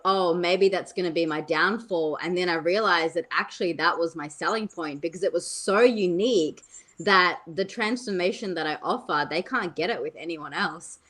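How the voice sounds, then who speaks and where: A woman's voice: on the low side, a bit bright. A woman speaking as a spiritual healer on a business panel, eager and casual with frequent fillers. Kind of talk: panel discussion.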